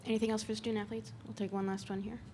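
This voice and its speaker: Brisk female moderator. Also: medium pitch, flat delivery, dark tone, a little hiss or hum. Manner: brisk, businesslike announcements. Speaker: press conference moderator. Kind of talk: moderating questions.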